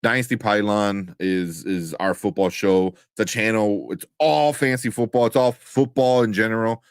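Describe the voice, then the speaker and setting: A man's voice: fairly low pitch, moderate pace, clear, resonant tone, no echo, clean studio sound. A man co-hosting a live stream, chatting casually and reading out viewers' comments. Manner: laid-back, rambling, reads out chat comments. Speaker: co-host of a live show.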